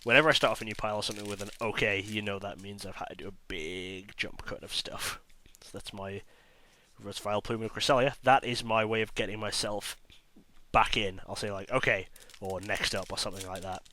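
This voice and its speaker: A man with a low, hoarse voice, audibly sick, talks his way through a stack of card packs. His tone stays bright and edgy despite the illness, and he names each card in a loose, chatty commentary. He keeps joking about how rough his own voice sounds. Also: fairly even intonation, a little fast, a little hiss or hum. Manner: chatty, self-mocking, listing cards as he goes. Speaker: card-opening channel host. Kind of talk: casual pack-opening commentary.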